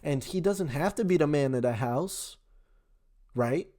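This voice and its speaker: A man's voice: a little high, expressive, measured pace, warm tone. A young man hosting a reaction video, talking in a casual, emphatic, slangy way. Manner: emphatic, slangy, keeps saying "bro".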